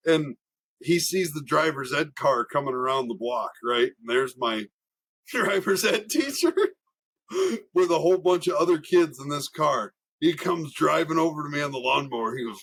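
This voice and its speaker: A young man, a racing driver guest, telling stories in a casual, animated way, laughing often and swearing freely. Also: fairly high pitch, normal speed, husky. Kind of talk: casual storytelling.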